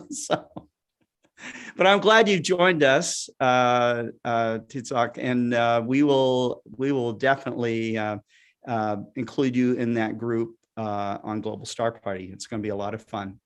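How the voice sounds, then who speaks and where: A man's voice: mid-range voice, unhurried, clean tone. Rambling Texan-born male show host. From Texas. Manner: rambling, many fillers and restarts. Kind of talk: casual live-stream chat.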